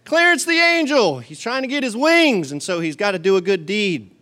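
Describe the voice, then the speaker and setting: A man preaching a sermon to his congregation in a folksy, joking, animated way. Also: high-pitched, brisk. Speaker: pastor.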